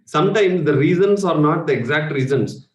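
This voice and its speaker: A man with an Indian English accent, a meditation coach, gives a spiritual workshop talk in a conversational style, with rhetorical questions and chuckles. His voice is fairly high and expressive at a moderate pace, recorded in an echoey room.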